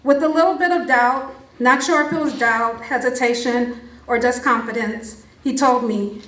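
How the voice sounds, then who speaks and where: A woman's voice: a little high, normal speed, a bit bright. A woman teacher giving a heartfelt prepared speech introducing a student at an event, laughing often. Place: large library event hall. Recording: echoey room from far off.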